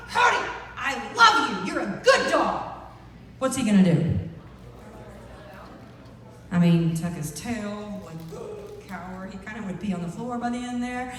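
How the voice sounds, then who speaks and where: A woman's voice: on the high side, darkish tone. A woman giving a motivational talk to young people, demonstrating her points and quizzing the audience with questions. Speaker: youth leadership speaker. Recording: echoey hall from far off, faint noise.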